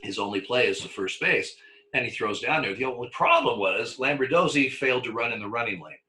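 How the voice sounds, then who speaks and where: An older man recounting his umpiring days in a casual interview. His voice is very bright and sharp, and he stumbles over repeated words and breaks into laughter. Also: medium pitch, animated, a little fast, low-quality recording. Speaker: former umpire.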